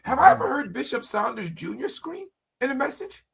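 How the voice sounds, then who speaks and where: A man with a high, gravelly voice co-hosts a relaxed faith discussion. He jokes, cuts in over the others, and talks with a husky edge. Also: brisk. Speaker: podcast co-host. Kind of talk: casual chat.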